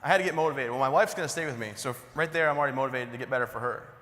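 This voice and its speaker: Male keynote speaker, 30s, tense bright tone, wry conversational storytelling, stage mic with long hall reverb. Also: mid-range voice, very fast. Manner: joking, conversational, self-deprecating. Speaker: motivational speaker. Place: large conference hall.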